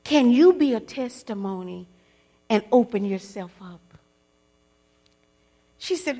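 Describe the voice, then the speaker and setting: A woman giving a testimony sermon to other women. She swings from loud preaching to hushed whispers and calls on listeners to repeat after her. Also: a little high, lively intonation, takes it slowly, pauses often. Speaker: speaker at a women's gathering.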